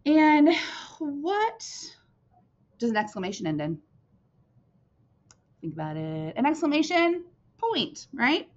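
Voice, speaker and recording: A woman teaching young children in a lively, sing-song voice that swoops up and down, often pausing to ask "right?" or "okay?". The recording is dull and lo-fi. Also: sits high.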